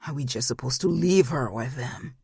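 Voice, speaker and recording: A woman's voice: very deep voice, animated, normal speed, creaky, darkish tone, husky, no room sound, studio quality, heavily acted. A woman doing a sulky brutish wolf shifter.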